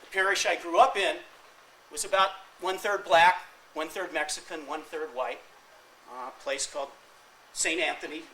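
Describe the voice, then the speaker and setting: A man's voice: fairly high pitch, fairly even intonation, moderate pace, sharp tone. A man in his fifties speaking to a university class, telling his family story with wry asides. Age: 50s. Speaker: guest speaker. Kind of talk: classroom talk. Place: university lecture hall. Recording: distant mic with faint room noise.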